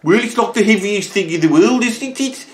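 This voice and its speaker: A man putting on high-pitched, drawling voices of dopey male rock musicians planning a song. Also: expressive, moderate pace. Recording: roomy echo.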